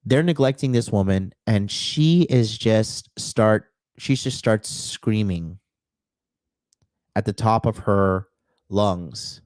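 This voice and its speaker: A man's voice: fairly low pitch, takes it slowly, a little mellow, dry recording, clean studio sound. A dating coach telling a personal story to his viewers in a profane, emphatic way. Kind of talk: casual storytelling monologue.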